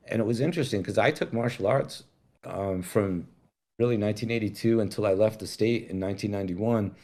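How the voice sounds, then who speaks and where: This guest is a middle-aged man whose dark voice sits on the low side. In relaxed conversation he spins long, meandering stories, swearing as he goes in an easygoing way.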